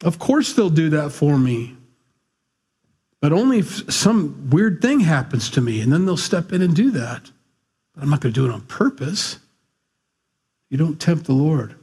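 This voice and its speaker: A middle-aged male pastor preaching a conversational, animated sermon with asides. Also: a little high, a little slow, pauses often, breathy edge.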